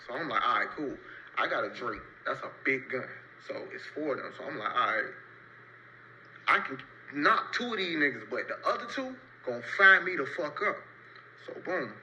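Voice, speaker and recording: A young man spins a casual story-time tale, rambling loosely through street slang and punctuating each beat with a quick "so boom." His voice is strikingly bright and forward, with a faint hiss of noise behind it. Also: sing-song, muffled recording. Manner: slang-heavy, loose rambling narration with repeated "so boom" beats. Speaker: storyteller in a played clip.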